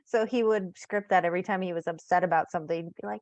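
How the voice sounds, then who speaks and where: A woman's voice: medium pitch, fairly quick, few pauses, dry recording. Woman cohost, laughs a lot mid-story, dry close mic. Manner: laughs often while telling stories. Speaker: podcast co-host, parent. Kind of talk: casual chat.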